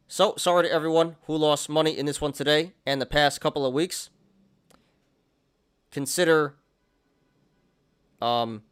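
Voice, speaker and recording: A man's voice: on the high side, a bit bright, smooth. A young man hosting a market show, chatting casually through charts, often laughing and restarting his sentences. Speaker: stock and crypto show host.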